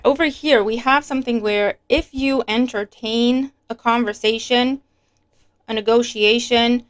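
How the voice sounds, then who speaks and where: A woman giving a casual tarot reading to her viewers, chatty and emphatic, sometimes breaking into a rant. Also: on the high side. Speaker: tarot reader.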